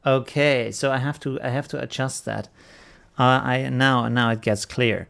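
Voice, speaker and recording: A man's voice: medium pitch, steady tone, a little slow, gravelly, fairly bright tone. A man with a German accent hosting a casual live stream, greeting viewers by name and chuckling often.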